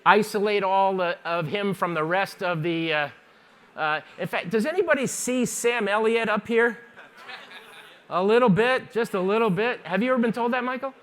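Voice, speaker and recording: A man, running a live photography workshop. He talks quickly and casually, cracking jokes and firing questions at the audience as he demonstrates. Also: sits high, a bit bright. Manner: chatty, jokey, fast-talking teacher quizzing the audience. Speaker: photography instructor. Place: conference stage before a live audience.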